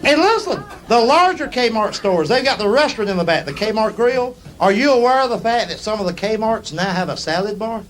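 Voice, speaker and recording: A middle-aged American stand-up comedian tells folksy stories in a punchy drawl, his voice high-pitched and expressive, moving at a moderate pace with few pauses. He's performing live on a comedy stage to a laughing crowd. The audio is poor, full of loud audience noise.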